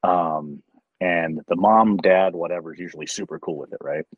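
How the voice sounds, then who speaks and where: A man with a very low, husky voice chats earnestly on a podcast and acts out little scenes as he tells his stories. The sound is dry and close, with a dull, lo-fi tone. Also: normal speed, no echo. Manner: earnest storyteller who acts out conversations. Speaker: convention talent manager. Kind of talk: casual podcast chat.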